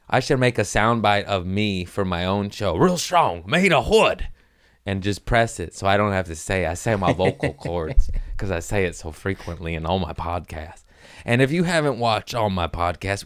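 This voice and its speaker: A man with a low, lively voice rambles through a casual comedy podcast monologue. He is crude and giggly, jumps from one bit to the next and drops into goofy put-on voices.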